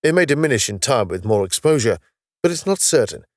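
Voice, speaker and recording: A man voicing a calm, knowledgeable male space officer from the far future who patiently explains his world with a wry touch. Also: medium pitch, a little fast, no room sound, studio quality, natural voice. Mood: explaining.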